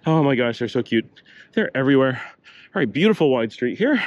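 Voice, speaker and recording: On foot through city streets outdoors, an older man narrates a walking tour for his travel vlog, chatting and rambling as he breathes a little hard and coughs slightly. His mid-range voice is brisk with big pitch swings, and the sound is lo-fi with no echo.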